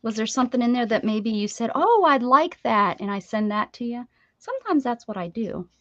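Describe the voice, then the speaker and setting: Opening mail on her craft livestream, this woman chats jokingly and casually, laughing a lot. She speaks fairly quickly in a slightly high voice with fairly even intonation and no room sound, over dull lo-fi audio carrying a faint hiss.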